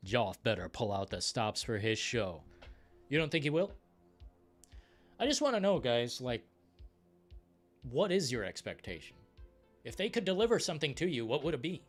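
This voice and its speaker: A young man hosting a gaming live stream, chatting casually and reading viewer comments in an excitable, profane, rambling way. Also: mid-range voice, moderate pace, long pauses, soft background music.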